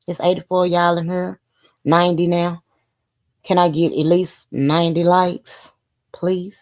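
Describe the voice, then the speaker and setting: A woman's voice: fairly low pitch, steady tone, measured pace, darkish tone. A woman hosting a live stream, chatting casually, pleading with viewers and swearing freely. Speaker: stream host.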